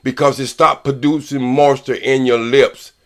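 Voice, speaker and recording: A man's voice: mid-range voice, steady tone, normal speed. An older man on a live-stream panel, talking in a rambling, profane, combative way. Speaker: panel guest. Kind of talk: heated live-stream debate.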